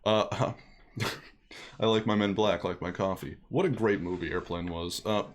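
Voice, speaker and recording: A man's voice: low-pitched, steady tone, unhurried, a little hiss or hum. A man streaming a game, chatting casually and joking as he reads the dialogue aloud. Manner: joking, chatty, laughs often.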